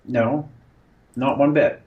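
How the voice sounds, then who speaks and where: A man co-hosting a radio show, teasing and chiming in with quick remarks in casual chat. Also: mid-range voice, steady tone. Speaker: radio co-host. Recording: roomy, distant, muffled mic with faint hiss.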